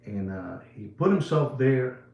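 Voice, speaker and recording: A man's voice: medium pitch, sing-song, creaky, muffled recording. Male channel host, native Spanish speaker, emphatic and repetitive, loose monologue; echoey room. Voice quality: emphatic, repetitive, drawn-out phrasing. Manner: addresses viewers as ladies and gentlemen. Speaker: watch dealer channel host. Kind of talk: casual monologue to viewers.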